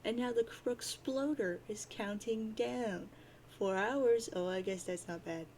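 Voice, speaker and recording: A woman voicing a sarcastic, cocky teenage boy who rambles in crude deadpan rants as she reads a webcomic aloud. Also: a little high, a little slow, a little hiss or hum.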